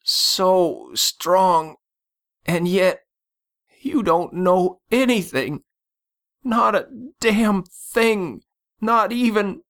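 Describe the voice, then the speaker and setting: A man's voice: a little high, very slow, long pauses, a bit bright, pitched above the performer's own voice. A man voicing a plump male dentist who gasps out his last words, strained and defeated. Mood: gasping. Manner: gasping, strained.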